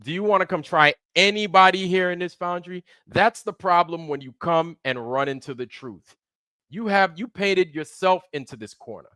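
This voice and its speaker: A man's voice: sits high, normal speed, sharp tone, smooth, no echo, clean studio sound. A man hosting a livestream, ranting angrily in a heated, profane, repetitive way. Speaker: livestream host. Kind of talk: angry livestream rant.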